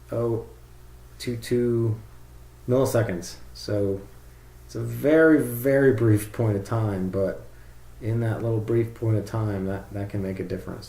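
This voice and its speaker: A man's voice: lowish voice, gravelly, warm tone, echoey room. A man casually talking through a screen-share tutorial, rambling and thinking aloud with fillers. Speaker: drone tuning reviewer.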